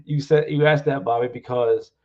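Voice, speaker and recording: A man's voice: medium pitch, steady tone, moderate pace, muffled recording. A man, an author, chatting casually on a livestream and rambling with lots of "like" fillers. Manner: rambling, heavy use of "like".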